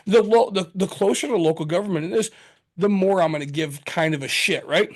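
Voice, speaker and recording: A man's voice: high-pitched, a little fast. A man co-hosting a casual podcast chat, heated and profane, telling stories with acted-out quotes. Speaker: podcast co-host.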